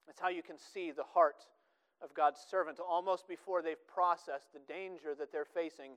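A man's voice: on the high side, steady tone, moderate pace, a bit bright, clean tone, rough recording. A man preaching a sermon in an earnest way, often repeating words for emphasis.

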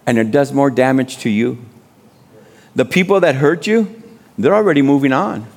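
This guest speaker's sermon comes in a gravelly, animated voice of medium pitch at a normal speed. He rouses the congregation with plain, casual language and keeps calling out "amen" for a response.

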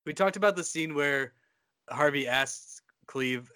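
A man's voice: fairly high pitch, unhurried, pushed and bright, dry recording. A man co-hosting a podcast who talks in a loose, rambling way, swearing casually as he discusses a film. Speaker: podcast co-host.

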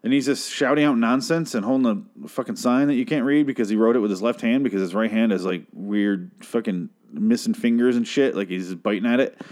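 A man's voice: medium pitch, a little fast, few pauses, a little mellow. A man hosting a solo podcast, reading aloud and commenting with profane, sarcastic ranting. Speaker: podcast host.

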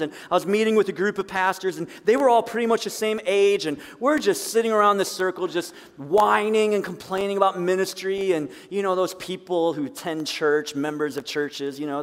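A middle-aged pastor preaching a sermon, swinging between loud emphatic lines and hushed asides. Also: male voice, high-pitched. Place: church sanctuary. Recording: long reverb of a church hall.

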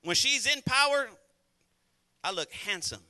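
A male pastor delivers a sermon in a rapid, conversational rush. His voice sits high and rings very bright. He keeps pressing his points and calls on the congregation to answer back. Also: expressive. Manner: emphatic preaching with call-and-response to the congregation.

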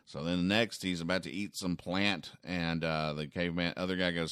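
A man hosting a podcast where he reads comic strips aloud and comments on them, with deadpan, wry asides and frequent ums. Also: low-pitched, moderate pace, clear, resonant tone, dry recording, clean studio sound. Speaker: podcast host.

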